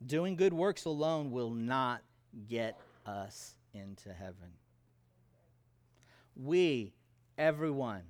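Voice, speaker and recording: A man's voice: mid-range voice, animated, slow. A middle-aged man preaching a sermon as a pastor, in an emphatic, conversational style with touches of humor.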